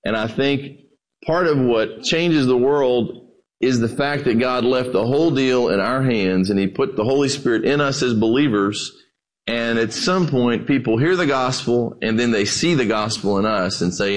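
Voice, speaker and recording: A man's voice: medium pitch, moderate pace, poor audio. A man preaching a sermon, a conversational and folksy storyteller who talks straight to his listeners. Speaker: pastor.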